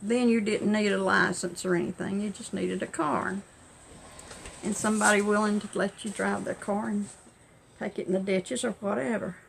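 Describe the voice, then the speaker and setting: An older woman tells old family tales in a folksy, easy way with a gravelly voice. Loud sewing machine and motor hum fill the background. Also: mid-range voice, normal speed, poor audio. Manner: folksy, animated in quotes, laughs. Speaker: family storyteller. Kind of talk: casual oral storytelling. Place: home sewing room.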